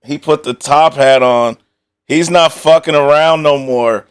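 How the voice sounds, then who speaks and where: A young male streamer laughing his way through casual reaction commentary, peppering it with swearing and jokes. His voice sits a little high for a man, and he talks in an unhurried, drawn-out way. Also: fairly even intonation, clear, resonant tone. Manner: laughing often, swearing, joking banter.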